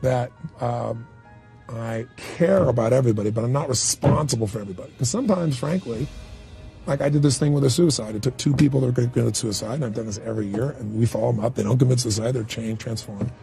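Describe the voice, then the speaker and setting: A man's voice: mid-range voice, quick pace, creaky, mellow, faint music behind. A man speaking as a motivational speaker in a candid interview, blunt and full of stories, acting out quotes. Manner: storytelling, blunt, acts out quotes.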